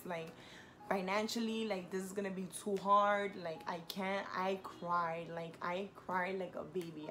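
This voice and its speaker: Chatty young woman telling a story. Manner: animated, quotes herself and others with rising pitch; heavy use of "like", slangy. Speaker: vlogger. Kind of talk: casual storytime.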